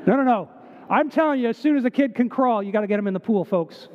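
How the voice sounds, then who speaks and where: A man with a high voice preaches an impassioned sermon in a church, his tone swinging between hushed and raised. The sound is dull, with a long reverb trailing off each phrase. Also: lively intonation, fast talker. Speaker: pastor.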